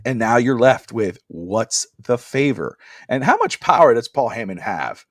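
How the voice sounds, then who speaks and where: Animated male wrestling podcast host, dry sound. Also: mid-range voice, measured pace, dry recording. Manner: animated, acts out wrestlers' lines with shouted bursts. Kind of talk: casual wrestling chat. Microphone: podcast mic on a live stream.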